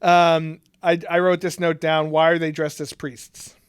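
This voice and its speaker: In clean studio sound free of room noise, a male podcast co-host talks in a clear, resonant, fairly high voice with a level tone. His casual chat is full of swearing and jokes, and he is quick to act out quotes.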